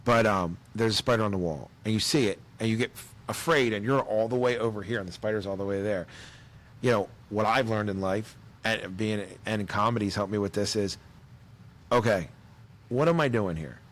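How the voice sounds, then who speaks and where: A man's voice: on the low side, brisk. A man, a comedian chatting on a podcast and telling stories with acted-out voices. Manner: animated storyteller, acts out voices. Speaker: comedian guest. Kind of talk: casual podcast chat.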